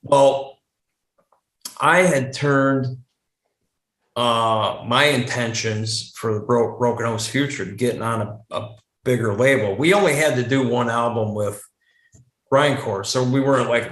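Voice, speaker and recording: A man's voice: mid-range voice, a bit bright. A man in his forties, a metal guitarist guest telling band stories in a casual, rambling way and swearing a lot. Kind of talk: casual storytelling chat. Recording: echoey room.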